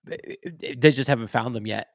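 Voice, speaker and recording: A man's voice: medium pitch, normal speed, vocal fry, dry recording, studio quality. A man hosting a podcast, asking questions in an eager, enthusiastic, loose way. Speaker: podcast host. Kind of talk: casual interview chat.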